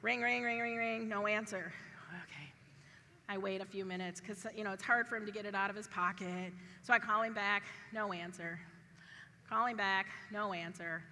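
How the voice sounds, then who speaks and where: Bright-voiced woman telling a story, laughing. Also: medium pitch, moderate pace. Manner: chatty, laughs often through her story. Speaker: speaker at a live event. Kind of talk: humorous personal storytelling to an audience. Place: large event hall. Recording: reverberant hall with faint background noise.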